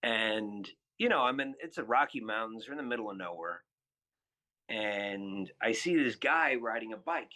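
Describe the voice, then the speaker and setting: A man in his fifties talks as a podcast guest, and his speech is bright and forward. He tells loose, winding stories and often stops and restarts. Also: lowish voice, lively intonation, normal speed, poor audio. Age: 50s. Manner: rambling, many fillers and restarts. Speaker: guest, spirits entrepreneur. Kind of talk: casual podcast storytelling.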